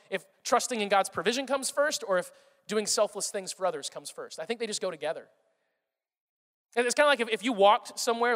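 High-voiced man preaching in a hall. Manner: animated storytelling, acts out voices, swings from loud to hushed. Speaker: pastor. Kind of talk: sermon. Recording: long reverb of a large hall.

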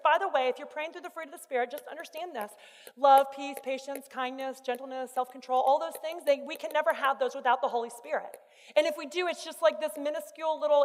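A woman in her thirties delivers a sermon in a church, her high voice carrying a long hall reverb. She tells a story with animated, emphatic repetition, warm and plainspoken from the pulpit. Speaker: pastor's wife preaching. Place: church auditorium.

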